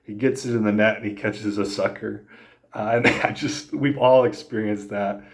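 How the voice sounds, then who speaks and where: A man's voice: fairly low pitch, steady tone, normal speed, vocal fry. Rambling, laughing man telling stories. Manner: rambling, laughs often, many fillers. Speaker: podcast host. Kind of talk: casual storytelling.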